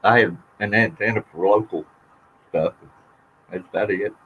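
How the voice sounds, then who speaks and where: Man, folksy casual chat, husky voice, slightly muffled lo-fi audio. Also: lowish voice, normal speed. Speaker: coin collector on a livestream auction. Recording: slightly dull lo-fi stream audio.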